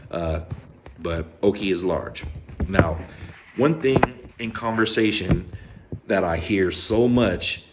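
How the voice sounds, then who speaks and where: Deep-voiced laid-back man from Hawaii. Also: background noise. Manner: relaxed, repeats words slowly, casual swearing. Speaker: vlogger teaching Japanese words. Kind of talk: casual slangy explainer.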